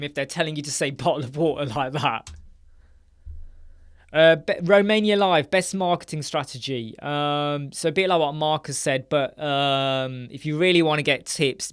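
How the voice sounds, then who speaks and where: Male live-stream host, slightly higher voice, chatty and blunt, casual. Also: fairly bright tone, clean tone. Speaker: live-stream host answering chat questions. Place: home studio.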